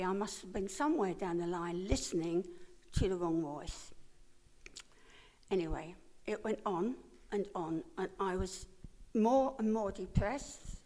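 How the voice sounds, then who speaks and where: A woman's voice: mid-range voice, a little mellow. An older woman telling her own story as a personal testimony, in an earnest, emotional way. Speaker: speaker giving a personal testimony.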